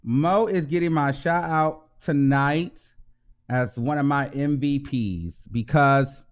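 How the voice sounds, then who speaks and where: A man hosting his own channel, giving heartfelt shout-outs in slangy casual talk and repeating himself for emphasis. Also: a little high, steady tone, takes it slowly, clear, resonant tone. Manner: heartfelt, emotional. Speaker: YouTube show host. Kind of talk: casual vlog shout-out to viewers.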